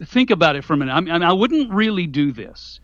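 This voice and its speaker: A man's voice: on the high side, big pitch swings, quick pace, fairly bright tone, no room sound, muffled recording. A man being interviewed as an author, answering with folksy jokes and anecdotes. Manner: jokey, folksy storyteller. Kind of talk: radio interview.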